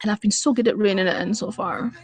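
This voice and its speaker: A woman's voice: medium pitch, fast talker. A woman chatting with viewers on a livestream, blunt and full of swearing as she rants. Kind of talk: casual live-stream chat.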